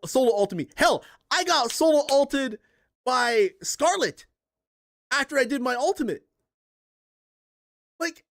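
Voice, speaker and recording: A man hosting a livestream, ranting casually and profanely, with rambling restarts. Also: very high voice. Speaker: streamer and podcast host.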